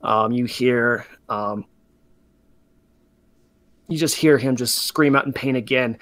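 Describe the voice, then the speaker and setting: A man's voice: medium pitch, slow pace, a bit bright, no echo. A man narrating as game master in a tabletop game, talking loosely with many fillers and restarts.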